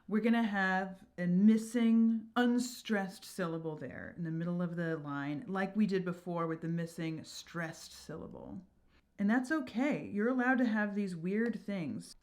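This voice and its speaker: A woman explaining poetic meter in a chatty lesson, reading quoted lines slowly and softly. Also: mid-range voice, animated. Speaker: verse teacher.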